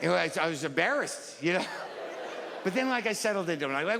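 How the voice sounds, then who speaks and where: A man in his sixties doing a stand-up routine, neurotic and self-deprecating, jumping into high mocking voices. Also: big pitch swings, fast talker, creaky, noisy background. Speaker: stand-up comedian. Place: large comedy venue with live audience. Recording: roomy stage recording with crowd laughter.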